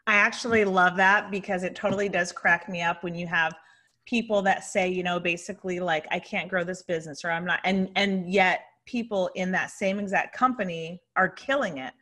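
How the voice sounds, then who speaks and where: A woman's voice: fairly low pitch, steady tone, normal speed, sharp tone. A woman chatting casually, amused and talkative. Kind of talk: casual podcast chat.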